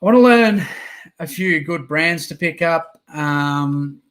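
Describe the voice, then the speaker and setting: Man, slightly high voice, laid-back livestream host, rambling, lots of fillers. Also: animated, slow pace, a bit bright. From Australia. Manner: easygoing, rambling with many fillers. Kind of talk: casual interview chat.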